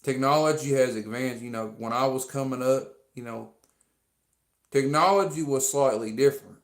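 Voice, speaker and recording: A man with a mid-range voice talks at a moderate pace to livestream viewers, casually rambling, repeating himself, and filling gaps with fillers. He earnestly thanks his fans, and the room is echoey.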